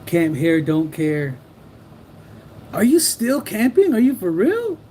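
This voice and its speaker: A man's voice: high-pitched, huge pitch swings, takes it slowly, warm tone, slight background noise, poor audio. A man hosting a casual livestream who rambles, jokes and laughs often while reading comments. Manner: rambling, joking, laughs often, mimics people. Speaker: livestream host.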